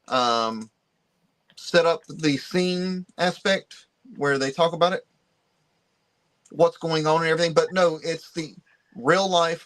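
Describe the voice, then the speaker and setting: A man's voice: fairly high pitch, a bit bright. A man co-hosting a podcast, easygoing and explaining things at length in casual chat. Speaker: podcast co-host.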